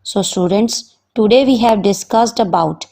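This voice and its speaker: An Indian English-accented woman teaching a science class from home. She talks very slowly and carefully, in a voice of middle pitch, repeatedly calling on her students to underline words and write down meanings. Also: creaky, warm tone. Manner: slow, dictating, addresses students repeatedly. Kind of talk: recorded online science lesson.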